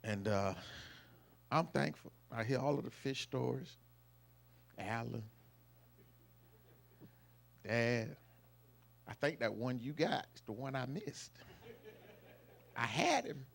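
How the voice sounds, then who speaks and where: A middle-aged man giving an emotional, storytelling tribute to his father at a family celebration, with loud folksy bursts. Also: medium pitch, animated, slow pace, creaky, pauses often. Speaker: eldest son giving a birthday tribute. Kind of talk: heartfelt family speech. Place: live family celebration event.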